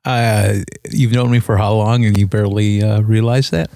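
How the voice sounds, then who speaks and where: A man's voice: lowish voice, steady tone, moderate pace, vocal fry, mellow, dry recording. A man co-hosting a casual podcast, sarcastic and crude, swearing freely as he jokes around. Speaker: podcast co-host.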